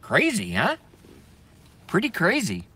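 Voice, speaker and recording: A man's voice: high-pitched, wildly swooping pitch, slow, sharp tone, husky. A young man ranting brashly and profanely on a live stream while reading viewer comments.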